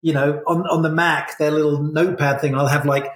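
A man's voice: on the high side, level tone, brisk. A middle-aged man, a guest in an interview, telling stories in a reflective way. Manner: reflective, storytelling. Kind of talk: casual interview chat. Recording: echoey room.

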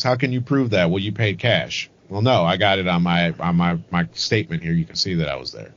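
A man's voice: low-pitched, lively intonation, brisk, few pauses, no echo, highs cut off. A Scottish man co-hosting a casual podcast chat, insisting on being heard and swearing freely. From Scotland. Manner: insistent, talks over others, swears freely. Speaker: podcast co-host.

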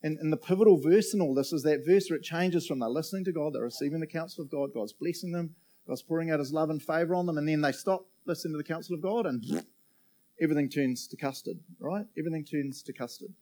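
A middle-aged man preaches to a church congregation. He keeps it loose and chatty, laughing often and checking in with the room. His voice sits a little high but sounds warm and mellow. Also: fast talker. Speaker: pastor. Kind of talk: sermon. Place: church auditorium.

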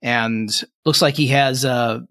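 A man narrating as game master, halting with fillers and restarts as he describes the scene. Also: medium pitch, steady tone, a bit bright, no echo, studio quality.

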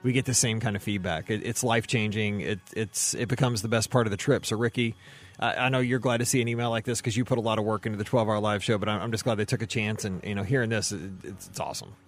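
A man's voice: fairly low pitch, steady tone, fast talker, soft background music. A man with a Midwestern accent hosting a podcast, talking enthusiastically with plenty of restarts and reading listener emails aloud. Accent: Midwestern American. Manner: enthusiastic, many fillers and restarts. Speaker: podcast host.

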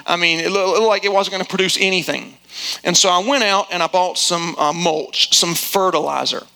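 A male pastor delivers an emphatic sermon in a high, bright voice. He drags out his key lines and leans hard on repetition to drive each point home. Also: steady tone, fairly quick, gravelly, low-quality recording. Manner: acts out quotes in a high squealing voice.

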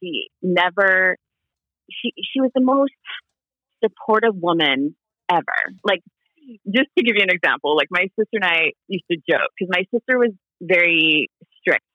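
A man from Hawaii, a podcast guest, telling family stories in a casual interview, animated and laughing, acting out quoted voices. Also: sits high, moderate pace, no echo, highs cut off.

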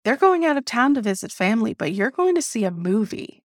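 A woman playing a condescending female manager, dismissive, lightly heightened pitch. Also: very animated, a little fast, dry recording, studio quality. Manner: patronizing, dismissive.

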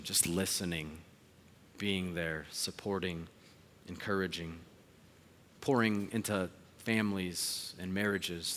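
A man in his thirties preaching a sermon as pastor, earnest, moving between hushed and rising emphasis. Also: fairly low pitch, expressive, moderate pace, a little hiss or hum. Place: church sanctuary. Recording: long hall reverb.

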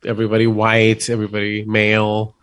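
A man with a Puerto Rican accent co-hosting a casual film discussion, talking rapidly and often restarting his sentences. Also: on the low side, monotone, fairly bright tone, smooth. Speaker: podcast co-host.

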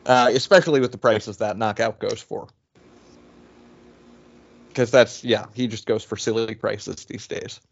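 A man co-hosting a casual podcast chat, easygoing and self-deprecating, with halting restarts. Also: fairly low pitch, steady tone, creaky, dull audio. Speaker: podcast co-host. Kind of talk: casual chat about toy purchases.

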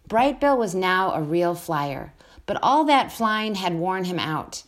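A woman's voice: lowish voice, very animated, slow pace. Woman reading a children's story aloud. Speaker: storybook reader.

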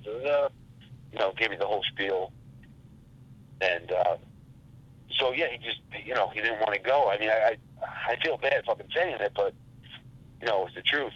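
A man telling a rambling story in a casual, profane and animated way. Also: lowish voice, normal speed, long pauses, husky, dull audio. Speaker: podcast guest.

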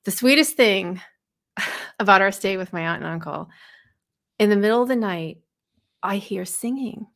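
A woman from Tennessee co-hosting a podcast, telling stories in a casual, animated way and acting out the quotes. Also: mid-range voice, moderate pace, gravelly. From Tennessee, USA. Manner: animated storyteller who acts out quotes. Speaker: podcast co-host. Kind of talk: casual chat.

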